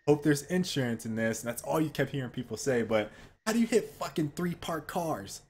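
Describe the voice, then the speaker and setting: A man's voice: on the high side, expressive, brisk, darkish tone. A man co-hosting a live gaming talk show, telling a story in casual chat, acting out quotes and swearing freely. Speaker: co-host.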